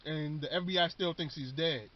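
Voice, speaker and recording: A man's voice: a little high, normal speed. A man casually recapping a TV show in a rambling, slangy way, often repeating words. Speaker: vlogger. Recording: dull lo-fi recording.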